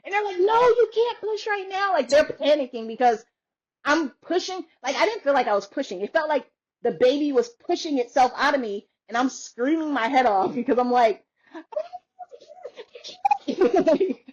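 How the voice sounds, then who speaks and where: Woman, fairly high voice, animated storyteller, laughs a lot, slightly dull lo-fi audio. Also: fairly quick. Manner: animated, laughs often, acts out quoted voices. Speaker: podcaster. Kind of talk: casual storytelling chat. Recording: dull lo-fi sound.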